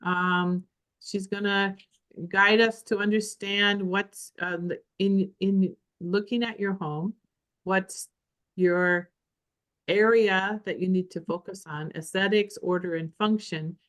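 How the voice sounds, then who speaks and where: A woman makes announcements for an upcoming group meeting. She speaks slowly and unhurriedly, stopping often with ums. Her voice sits at a middle pitch. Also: steady tone, fairly bright tone. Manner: halting, many ums. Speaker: group organizer.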